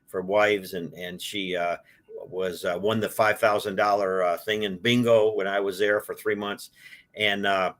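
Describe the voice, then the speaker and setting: A man's voice: lowish voice, a bit bright. A man in his sixties from Detroit, telling his life story as a guest in a casual chat, with lots of fillers and restarts. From Detroit, USA. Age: 60s. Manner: rambling, with many fillers and restarts. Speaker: guest, collector.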